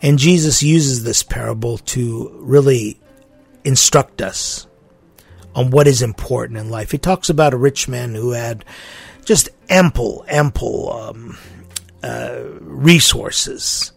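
A man preaching a sermon, emphatic and deliberate, repeating his key phrases for weight. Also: mid-range voice, creaky, husky, faint music behind.

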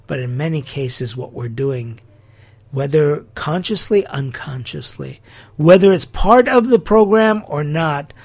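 Middle-aged male podcast host, slightly high and gravelly. Incredulous commentary, rhetorical questions, acts out quotes. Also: animated, unhurried. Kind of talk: opinion commentary monologue.

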